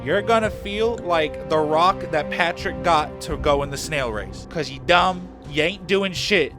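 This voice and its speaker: A man voicing a fed-up, sharp-tongued young woman contestant who rants in blunt, profane slang. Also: on the high side, a little slow, music in the background, close to an everyday voice. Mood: scornful.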